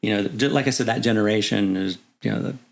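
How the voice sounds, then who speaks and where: A middle-aged man with a low, gravelly voice, chatting as a guest on a podcast. He spins loose, rambling stories full of fillers and acts out the people in them as he goes. Relaxed and unscripted. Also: fast. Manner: rambling anecdotes, many "you know" fillers, acts out voices in quotes. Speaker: guest, army officer. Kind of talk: casual storytelling.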